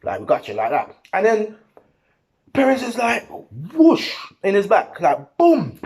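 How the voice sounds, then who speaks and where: Animated man in a slangy football rant. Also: high voice, slow pace, breathy edge. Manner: animated, heated, slangy and repetitive. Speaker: football fan vlogger. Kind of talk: post-match reaction rant.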